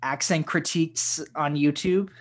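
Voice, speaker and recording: A man with a husky, slightly breathy voice, chatting casually about movies. He talks haltingly, circling back with fillers and restarts as he works out his thoughts. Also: on the high side, steady tone. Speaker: podcast co-host. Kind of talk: casual film discussion.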